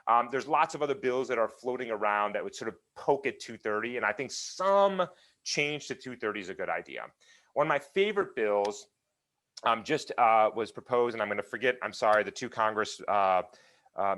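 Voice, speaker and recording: Man, talk guest over a video call, lively pitch, emphatic and full of restarts. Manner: animated, emphatic, many fillers and restarts. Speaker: guest speaker. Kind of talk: conversational Q&A talk.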